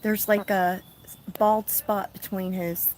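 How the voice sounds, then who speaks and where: A woman from Tennessee talks slowly and casually to her viewers, reading comments aloud while hushing a restless bird. She is outdoors at home, holding her phone, with a faint hiss of noise behind her. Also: mid-range voice, little pitch movement. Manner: soothing a noisy bird between chatty asides. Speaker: vlogger with a pet cockatoo. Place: outdoors at home with birds and dogs nearby. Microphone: handheld phone.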